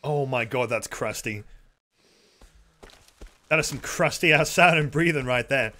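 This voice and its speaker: A man's voice: medium pitch, unhurried, pushed and bright. A man streaming a horror game, commenting casually with sarcastic, exasperated swearing.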